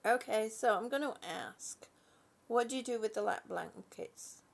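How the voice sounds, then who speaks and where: A woman hosting a relaxed live chat from her home, greeting viewers by name, yawning, laughing and often losing her train of thought. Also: a little high, measured pace, gravelly. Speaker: livestream host.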